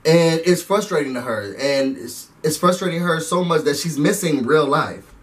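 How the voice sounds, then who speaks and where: High-voiced man recapping with slangy energy. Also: normal speed, far from the mic. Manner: animated, slangy, laughs often. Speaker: reality show recap host. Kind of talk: casual recap and review.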